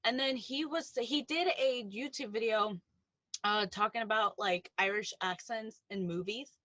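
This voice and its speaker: An American woman co-hosting a podcast in excitable casual chat. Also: on the high side, a little slow, dry recording, muffled recording. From United States. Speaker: podcast co-host.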